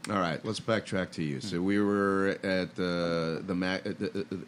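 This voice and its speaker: A man's voice: low-pitched, steady tone, moderate pace, a little hiss or hum. A man hosting a podcast from a makeshift studio, talking loosely and rambling a bit. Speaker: podcast host. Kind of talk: casual interview chat.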